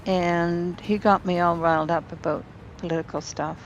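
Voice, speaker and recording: A woman's voice: on the low side, fairly even intonation, moderate pace, highs cut off, slight background noise. A woman streaming a game from her apartment, chatting casually with viewers and thinking aloud as she builds. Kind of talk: casual gameplay chat with viewers. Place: home apartment.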